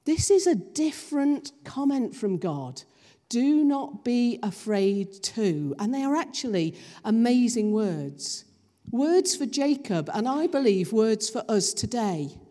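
A woman preaching a sermon, slow and emphatic, drawing the congregation in with questions. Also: on the high side, big pitch swings, dark tone. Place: church hall. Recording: long reverb of a church hall.

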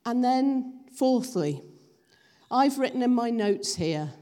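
Slow-speaking woman preaching in a hall. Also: fairly high pitch, lively intonation, mellow. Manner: slow, emphatic, engages the congregation. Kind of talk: sermon. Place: church hall. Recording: long reverb of a church hall.

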